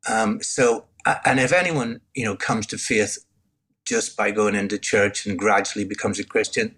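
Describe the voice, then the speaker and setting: A man, a podcast guest candidly telling his personal testimony with halting restarts and self-deprecating asides. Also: lowish voice, steady tone, fairly bright tone, breathy edge. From Northern Ireland.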